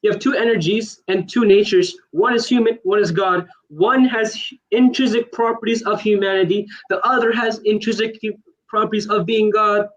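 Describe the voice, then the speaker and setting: A man in a heated online debate, pressing his questions fast and insistently, talking over the other side. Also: high-pitched, fairly even intonation, dull audio.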